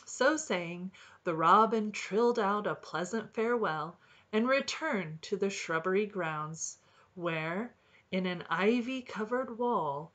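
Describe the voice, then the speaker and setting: This is scripted audiobook narration: a female reader works through a storybook in a steady, unhurried manner. Her voice sits in the middle range.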